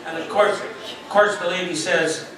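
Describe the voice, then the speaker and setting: A man speaking at a reunion, telling jokes to the audience as a slow, chuckling storyteller. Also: sits high, fairly even intonation. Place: large echoey hall at a reunion. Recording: echoey hall, distant mic, crowd.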